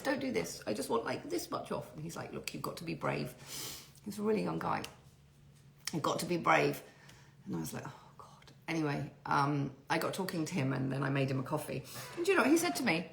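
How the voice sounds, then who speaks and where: A woman with a low, gravelly voice hosts a casual live Q&A from her home as an interiors host, reading out viewer questions and then rambling warmly into anecdotes. The room is echoey, with faint background noise.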